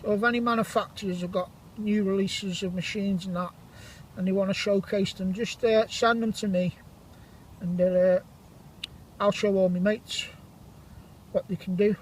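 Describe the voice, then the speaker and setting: Chatty man with a high voice detecting outdoors. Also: fairly even intonation, normal speed, pauses often, slight background noise, rough recording. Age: 40s. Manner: chatty, jokey, gives shout-outs to friends. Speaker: metal detecting vlogger. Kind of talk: casual commentary while detecting outdoors. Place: outdoor field.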